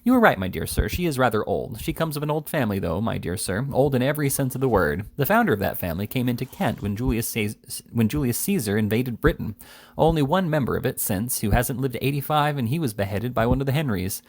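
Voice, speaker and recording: A man's voice: medium pitch, animated, quick pace. A man voicing a bustling little male attorney who coaxes and haggles, forever saying "my dear sir.". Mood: wheedling. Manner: coaxing, repeats "my dear sir".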